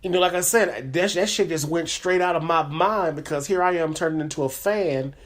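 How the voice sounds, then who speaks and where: Guy hosting his podcast, kinda high voice, rambles a lot, tons of you-knows. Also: a little fast. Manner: rambling, heavy filler, repeats words. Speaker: podcast host. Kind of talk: casual chat.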